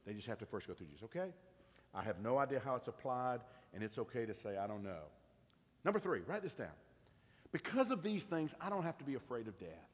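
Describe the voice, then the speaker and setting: A man's voice: medium pitch, long reverb tail. A middle-aged man, preaching an earnest, conversational sermon and asking his congregation questions. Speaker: pastor. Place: church sanctuary.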